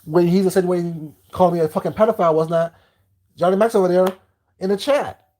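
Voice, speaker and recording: A man's voice: sits high, fast, warm tone. Blunt, profane man ranting on stream. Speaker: live streamer. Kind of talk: live-stream rant to chat.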